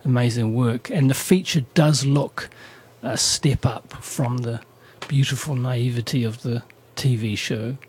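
A man's voice: medium pitch, measured pace, few pauses, darkish tone, slight background noise. A man, an animator chatting in an interview, often correcting himself and laughing easily. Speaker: animator guest. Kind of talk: conversational interview.

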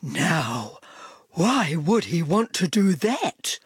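A woman voicing an excitable, eager young male dog in a storybook. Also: lowish voice, extremely slow, breathy edge, dry recording, clean studio sound, heavily acted. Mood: excited.

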